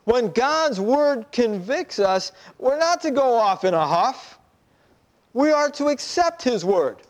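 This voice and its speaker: A man preaching a sermon, telling a story in an animated way and acting out the voices of the people in it. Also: very high voice, slow pace. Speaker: pastor.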